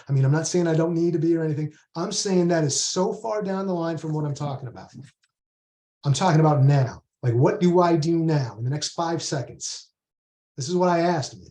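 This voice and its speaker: A man's voice: a little high, dark tone, reverberant. A man, the author, reading aloud a rambling first-person monologue from his book, full of conversational asides.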